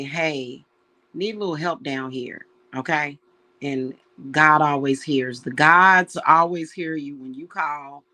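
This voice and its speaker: This low-pitched woman sounds pushed and bright as she talks to viewers in an easygoing, spiritual way. She's a witch and reader, unhurried and full of feeling, and she keeps calling her audience y'all.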